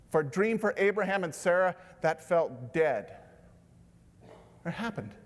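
Male pastor preaching, a bit high-pitched, swings between hushed and emphatic, long reverb of a big church hall. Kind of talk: sermon.

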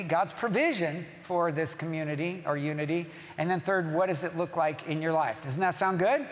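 Pastor, male, high voice, emphatic sermon delivery, long hall echo. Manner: emphatic, repeats key phrases, asks the congregation questions.

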